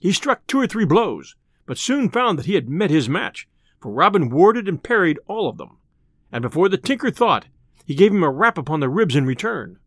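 A man narrating a storybook tale in an expressive, old-style storytelling manner. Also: sits high, normal speed, no room sound, studio quality.

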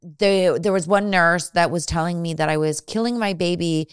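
A woman in her thirties tells a personal story with candid, animated energy, stopping and restarting as she goes. Her voice sits a little low for a woman, and the recording is dry and close, with no room sound. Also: normal speed, clear, resonant tone, dry recording. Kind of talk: casual chat.

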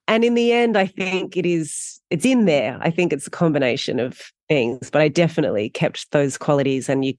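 A middle-aged woman with an Australian accent, a guest actor telling stories in a casual interview, animated and quick in bursts, laughing often. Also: low-pitched, dry recording, studio quality.

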